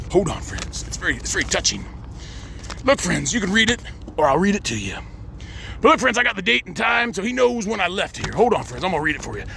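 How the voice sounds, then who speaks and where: A gravelly, bright-toned man talks to his camera outdoors in a folksy, preachy manner, his pitch swinging up and down in a lively way. A faint hum of open air sits behind him. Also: quick pace. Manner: folksy, says "friends" constantly. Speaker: vlogger. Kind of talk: outdoor character vlog. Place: outdoors at a cemetery.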